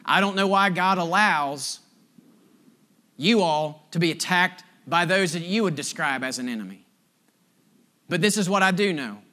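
A middle-aged male pastor delivers a sermon in a high, bright voice. He tells stories from the pulpit, moving between emphatic lines and hushed, drawn-out points. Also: animated. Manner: storytelling, swings from emphatic to hushed and slow.

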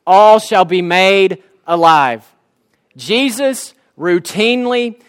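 Pastor, male, 30s, fairly high voice, impassioned and folksy from the pulpit. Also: fairly bright tone, clear, resonant tone. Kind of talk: sermon.

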